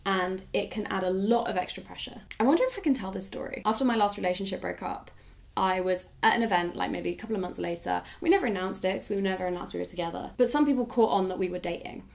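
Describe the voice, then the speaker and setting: A woman's voice: mid-range voice, fast, gravelly. A woman in her twenties, answering viewer questions in a casual, reflective way and often saying "like". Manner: reflective, frequent "like" fillers. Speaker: YouTuber. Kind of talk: casual talking-head Q&A.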